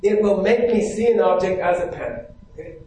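A man's voice: high-pitched, brisk, dark tone, distant mic. A man giving a live Buddhist teaching to an audience from a stage, often stopping to ask questions and check that they follow. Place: hall with a stage. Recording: very echoey hall.

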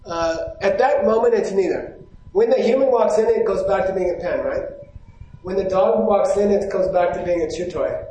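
Brief: male Buddhist teacher, higher-pitched voice, keeps quizzing the room, heavy hall echo. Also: normal speed, mellow, far from the mic. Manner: keeps checking in with the audience, asking questions. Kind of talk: live teaching talk to an audience. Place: hall with a stage. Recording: very echoey hall.

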